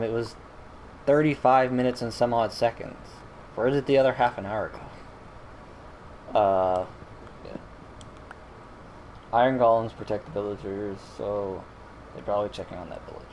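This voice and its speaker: A gaming streamer with a mid-range, slightly mellow voice rambles through casual commentary while playing, often correcting himself and sounding mildly exasperated. The audio is poor, with a bit of hiss or hum.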